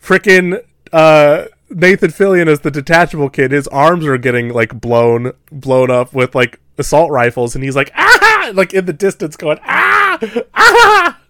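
An animated man in casual podcast chat, talking quickly in a mid-range voice and laughing often. The sound is close and dry. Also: a little high, clear, resonant tone, no room sound. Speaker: podcast co-host. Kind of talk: casual movie discussion.

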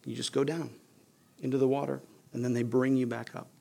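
A man preaching a sermon in a relaxed, chatty manner, explaining scripture like he is talking to friends. His voice sits mid-range with a gravelly, lightly fried texture. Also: mid-range voice, fairly quick, a little hiss or hum. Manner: conversational, casual with fillers like "you guys" and "like". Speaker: pastor.

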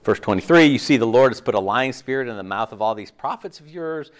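A pastor giving a casual, jokey sermon, asking the audience questions and laughing often. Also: male voice, mid-range voice, expressive, fast, clear, resonant tone.

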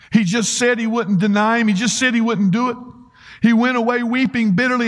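A man preaching a sermon, earnestly retelling a story and asking rhetorical questions. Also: sits high. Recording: long hall reverb.

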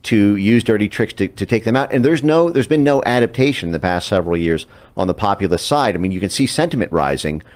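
Male interview guest, low-pitched, measured and analytical. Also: animated, a little mellow. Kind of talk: political commentary in an interview.

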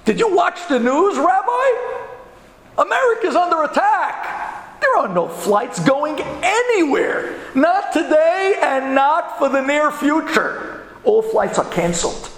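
An exasperated female airline agent, as a man puts her on, speaks high and slow with incredulous disbelief, lecturing her customers. The gravelly voice echoes in a large hall. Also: big pitch swings.

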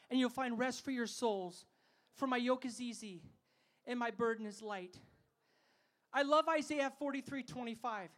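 To a festival crowd, a man with a very high voice preaches a fervent sermon. He calls for responses and at times rises to shouts.

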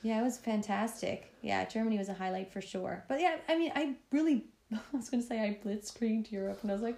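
A woman's voice: fairly high pitch, brisk, gravelly, a little mellow, roomy sound. A woman with a Canadian accent co-hosting a casual late-night podcast, chatty and tired, laughing often and restarting her sentences. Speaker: podcast co-host.

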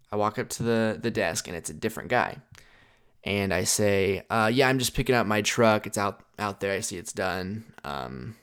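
Young male podcast host, blunt, self-deprecating storyteller, slightly low, resonant, dry close mic. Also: clear, resonant tone, dry recording. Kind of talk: casual storytelling monologue.

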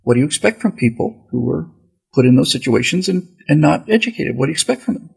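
A man voicing a calm, reasonable male story hero who asks patient, gentle questions. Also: fairly high pitch, fast talker, gravelly, slightly rough, heavily acted, low-quality recording. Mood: reasoning.

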